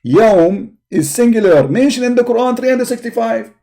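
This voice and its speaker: While searching a website during his live call-in debate stream, a man hurls mockery and insults at opponents, hammering points through repetition. His voice is extremely high-pitched, dark, and expressive, with vocal fry, a normal speed, and a tired quality.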